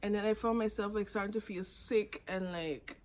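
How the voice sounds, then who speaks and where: Speaking at normal speed in a steady, slightly mellow voice, a young woman from Saint Martin vlogs a personal story to camera. She chats freely and performs others' words with abrupt leaps up in pitch.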